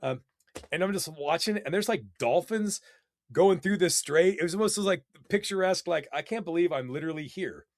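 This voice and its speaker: A man telling casual stories as a podcast guest, animated and rambling, with many fillers. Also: on the high side, moderate pace, no echo, studio quality. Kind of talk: casual storytelling.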